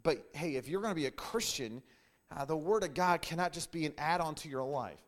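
A man's voice: fairly high pitch, expressive, brisk. Emphatic male Bible teacher. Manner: emphatic, repetitive, with frequent restarts and "hey". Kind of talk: sermon-style lesson.

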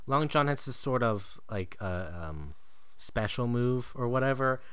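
A man's voice: mid-range voice, lively intonation, unhurried, fairly bright tone, clear, resonant tone, no echo. A man co-hosting a casual film review chat, joking and sarcastic, often laughing. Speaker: podcast co-host reviewing a film.

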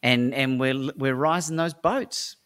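A man's voice: mid-range voice, slow, a bit bright, smooth. Enthusiastic Australian man telling stories. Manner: enthusiastic, emphatic, repeats words when he restarts. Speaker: podcast guest, coach and speaker. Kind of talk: animated storytelling in a podcast interview.

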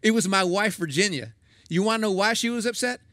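Pastor guy preaching, kinda high voice, dry close sound, chatty and emphatic. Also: animated, a little fast, bright, forceful tone, no room sound. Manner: conversational, folksy preaching with emphatic asides. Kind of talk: sermon.

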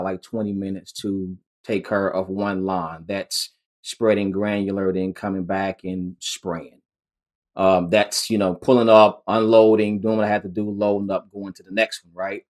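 A man's voice: fairly low pitch, little pitch movement, moderate pace. A man in casual conversation, telling stories about his lawn care business in an easygoing way, with frequent restarts. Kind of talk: casual chat.

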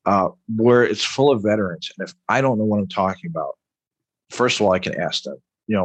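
This conversational interview features a Long Island author and veteran whose fairly low voice runs a little fast with a breathy edge and no echo. He rambles emphatically, frequently ending points with "right?"

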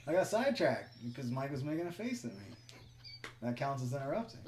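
A man hosts a loose podcast conversation in a middle-pitched voice, reading out listener questions with a wry, put-upon edge. The room is roomy and echoey, with a faint hiss underneath. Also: sing-song, quick pace, a little mellow. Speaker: podcast host. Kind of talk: casual podcast chat.

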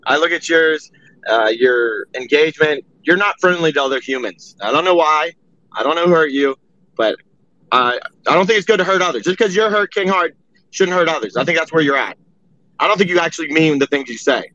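A man's voice: fairly high pitch, expressive, brisk, bright, forceful tone. A man hosting a heated live audio chat, profane and mocking, with a lot of "uh" fillers. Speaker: space host. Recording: dry, dull lo-fi audio.

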